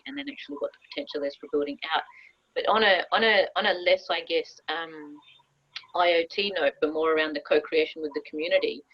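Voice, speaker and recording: A woman on a webinar panel explaining data quickly, often repeating and restarting words. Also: deep voice, highs cut off. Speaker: panel speaker on spatial data.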